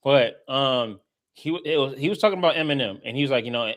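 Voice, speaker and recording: A man co-hosting a casual podcast, talking in animated slang and acting out what others said. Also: medium pitch, fast. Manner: animated, slangy, swears, acts out quotes. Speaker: podcast co-host. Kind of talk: casual chat.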